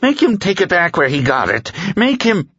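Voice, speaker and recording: A man voicing a dark, demonic man who has turned pale and whines in terror. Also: high voice, wildly swooping pitch, normal speed, slightly rough, no room sound, highs cut off, voice pushed up, full character voice. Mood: whining. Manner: whining.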